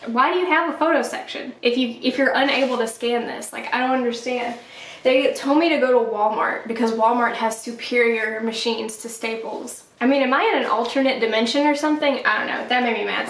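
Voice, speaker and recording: A woman's voice: on the high side, a little hiss or hum. A young woman vlogging casually from her home art studio, rambling and chatty with lots of fillers. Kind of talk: casual storytelling vlog. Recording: roomy, from a distance, music under. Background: soft background music.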